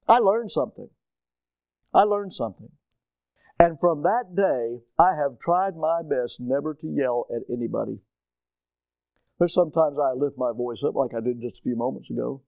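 A middle-aged male preacher telling a personal story in a sermon, animated, moving from quiet asides to loud shouting, his throat strained. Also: medium pitch, normal speed, creaky, no room sound.

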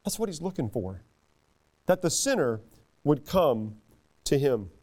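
A middle-aged man preaching a sermon as a pastor, earnest, moving between soft, slow passages and loud, emphatic ones. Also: on the high side, very animated.

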